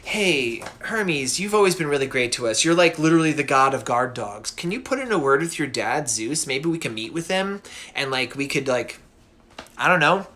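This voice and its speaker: A man voicing the king of the dogs, asking humbly for a favor in a casual, halting way. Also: a little high, bright, forceful tone. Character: male king of the dogs, pleading and mild.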